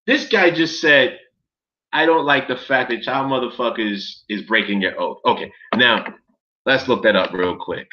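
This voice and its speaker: A man, talking casually in a profane, animated vlog, jumping from low muttering to excited shouts while reading from a website. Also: highs cut off. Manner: profane, street slang. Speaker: vlogger.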